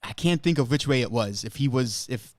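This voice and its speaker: A man co-hosting a podcast, talking sports excitedly in casual chat, swearing often and restarting his sentences. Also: mid-range voice, brisk, no echo, clean studio sound. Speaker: podcast co-host.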